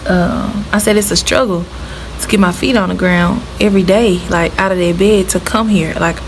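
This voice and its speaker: A woman's voice: mid-range voice, brisk, vocal fry, slight background noise, rough recording. A young woman vlogging to camera, a former teacher telling her story in a heartfelt, chatty way. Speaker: vlogger, former middle school art teacher. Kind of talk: casual talk to camera.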